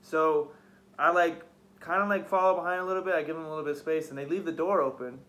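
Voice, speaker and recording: Bright-voiced young man telling a heated story. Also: fairly high pitch, fairly even intonation, fast talker. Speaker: podcast host. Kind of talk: casual storytelling chat.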